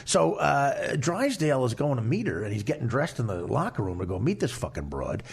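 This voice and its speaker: A man's voice: mid-range voice, a little fast, gravelly, slightly rough. A man telling a story in casual, profane talk, with lots of laughing and swearing. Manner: profane, animated, laughing as he tells it. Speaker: podcast host telling a story.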